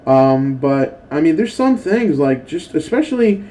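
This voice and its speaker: Profane rambling young man, mellow voice. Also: on the high side, unhurried, rough recording. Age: young adult. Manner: rambling and profane, with excitable acted-out quotes. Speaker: gaming channel host. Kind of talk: casual gameplay commentary.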